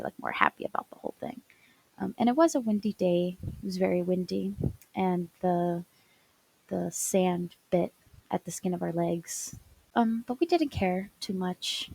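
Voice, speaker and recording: Husky soft-spoken young woman telling a story. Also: fairly low pitch, dry recording, rough recording. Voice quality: stutters often, many fillers and restarts. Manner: soft, often dropping to a whisper. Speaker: student storyteller. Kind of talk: personal story narration over animatic.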